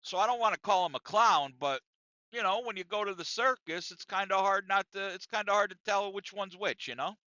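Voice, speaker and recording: A man hosting a podcast, telling a profane comic story in an animated, conversational way, in a dry, dull lo-fi recording. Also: high-pitched, brisk, no echo. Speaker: podcast host.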